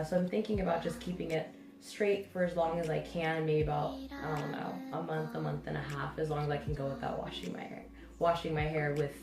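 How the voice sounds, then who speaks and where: Young woman vlogging, stuffy nose from the flu, low voice, roomy sound, music playing under her. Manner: chatty, hesitant, many ums. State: nasal from the flu. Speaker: hair care vlogger. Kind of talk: casual talking-to-camera vlog.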